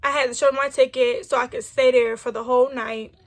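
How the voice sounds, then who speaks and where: A young woman telling a chatty, animated storytime vlog, acting out the dialogue as she goes. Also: high-pitched, fairly quick. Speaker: vlogger.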